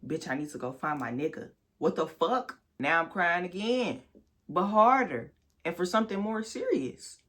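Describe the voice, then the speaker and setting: A young woman telling a personal story on her vlog, talking frankly and with lots of swearing, speaking straight to her viewers and sometimes bursting into loud, high outrage. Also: animated, moderate pace. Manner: candid, profane storytelling that addresses viewers directly. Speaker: vlogger.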